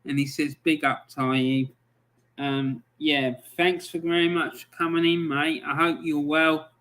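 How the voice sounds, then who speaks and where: A man's voice: on the high side, level tone, measured pace, a bit bright. A man hosting a football livestream who reads out viewer comments and tells long, blunt anecdotes with plenty of swearing. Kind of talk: casual livestream chat.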